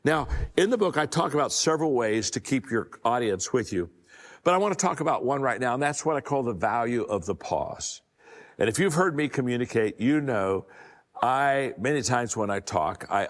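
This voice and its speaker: An older man delivers a motivational talk on leadership in a fairly high-pitched voice, and the sound suggests a big room. He tells folksy stories, often restarting and repeating words.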